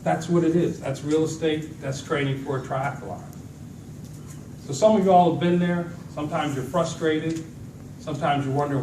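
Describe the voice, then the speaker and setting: Animated male speaker in echoey hall. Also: on the high side, moderate pace. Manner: animated storytelling with acted-out quotes. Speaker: motivational speaker. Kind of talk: conference talk to an audience. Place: large event hall with an audience. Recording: echoey hall, distant mic, noisy.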